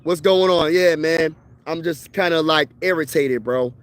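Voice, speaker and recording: A man's voice: on the high side, unhurried, clean tone. A man, giving a casual, worked-up sports rant as a fan vlogger, slangy and repetitive. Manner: worked-up, repetitive, slangy, says "bro" a lot.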